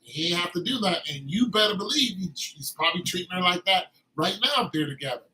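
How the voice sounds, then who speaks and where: A man delivering a casual, emphatic monologue of relationship advice, repeating his points and flaring up into shouting. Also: sits high, animated, fairly quick, low-quality recording.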